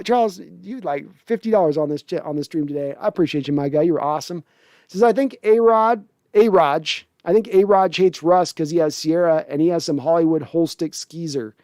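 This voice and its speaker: A man with a fairly high voice hosts a casual livestream, reading viewer messages aloud. He jokes, curses freely and laughs a lot. He is recorded close on a mic in a dry room. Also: darkish tone, dry recording. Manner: laughs often, joking and profane. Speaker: podcast host reading live chat.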